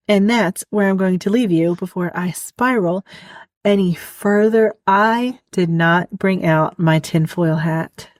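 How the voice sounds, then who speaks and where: A woman's voice: mid-range voice, slow pace, no room sound. A woman hosting a solo podcast, rambling and giggling often, with lots of "like" fillers, in casual chat. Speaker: podcast host.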